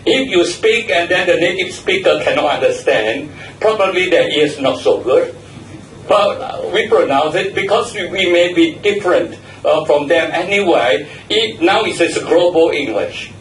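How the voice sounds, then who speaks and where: A man's voice: a little high, animated, moderate pace, far from the mic, slight background noise. A man giving a joking, encouraging talk as general evaluator at a speaking club meeting. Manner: joking, chatty, laughs at his own stories. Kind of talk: humorous encouraging club speech. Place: meeting room. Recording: echoey room, picked up from afar.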